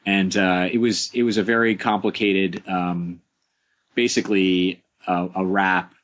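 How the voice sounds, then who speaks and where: On a podcast, a show creator talks casually about making his show, rambling with lots of fillers, restarts and small chuckles. His deep voice is level, unhurried and a bit bright, and the podcast audio is dull and lo-fi.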